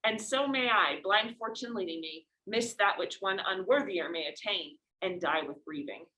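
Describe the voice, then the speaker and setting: A woman's voice: medium pitch, moderate pace, sharp tone, lightly acted, rough recording. A woman reading aloud as a proud male warrior prince, in a classroom play reading. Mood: declaiming. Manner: reading verse aloud from the text.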